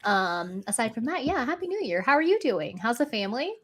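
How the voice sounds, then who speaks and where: A woman's voice: fairly high pitch, sing-song, a little fast. A woman co-hosting a casual live chat show over a video call, friendly and easygoing. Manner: friendly, easygoing, laughs often. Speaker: co-host.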